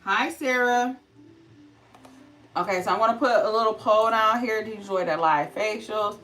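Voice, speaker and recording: A woman's voice: mid-range voice, normal speed, fairly bright tone, far from the mic, faint music behind, poor audio. A middle-aged woman hosting a casual skincare livestream, chatty and laughing often.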